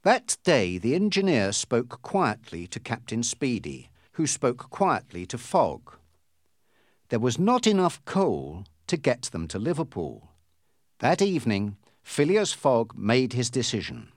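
A man reading a storybook aloud as narrator in a clear, deliberate way. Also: mid-range voice, huge pitch swings, no echo, clean studio sound.

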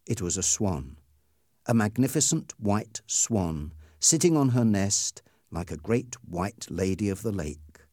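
A man's voice: fairly low pitch, big pitch swings, warm tone, dry recording, clean studio sound. A man reading a story aloud as narrator, in scripted storybook narration. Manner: slow, clearly paced reading.

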